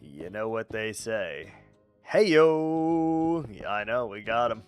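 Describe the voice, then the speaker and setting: A man's voice: lowish voice, moderate pace, a bit bright, dry recording, faint music behind. A man streaming a game, chatting casually with silly, playful asides and mutters. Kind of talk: casual gameplay commentary.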